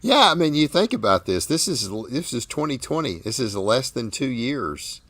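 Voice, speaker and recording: A man's voice: medium pitch, sing-song, moderate pace, fairly bright tone, dry recording. A Southern American man hosting a casual interview, talking in a folksy, rambling way and often repeating his words. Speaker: host.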